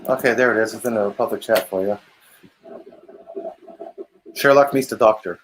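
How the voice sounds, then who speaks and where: A man's voice: lowish voice, moderate pace, noisy background. A man chatting as a guest on a live stream, dropping short side remarks and links. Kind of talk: casual chat.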